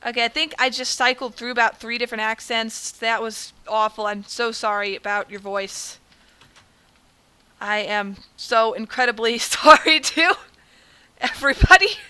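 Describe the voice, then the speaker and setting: Young woman gamer, bright and chatty commentary, laughs at herself often. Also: a little high, normal speed, clean tone. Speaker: gaming video creator. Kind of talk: casual gameplay commentary.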